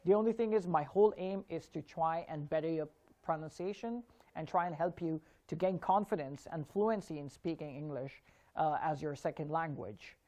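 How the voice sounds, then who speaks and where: A man giving an online spoken English lesson, drilling words slowly and clearly and encouraging his learners. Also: on the high side, warm tone.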